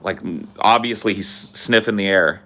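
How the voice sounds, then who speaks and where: A man's voice: on the low side, a little slow, sharp tone. A young adult man hosting a podcast, telling a rambling story in a casual, profane way. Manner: rambling, swears casually, lots of fillers. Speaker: podcast host.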